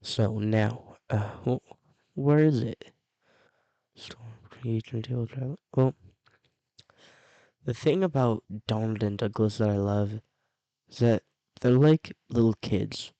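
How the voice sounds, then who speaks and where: A man's voice: fairly low pitch, fairly even intonation, takes it slowly, long pauses, warm tone, dry recording. A man giving casual commentary as he ranks theme tunes, rambling along with frequent restarts and self-corrections. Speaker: video creator ranking show themes.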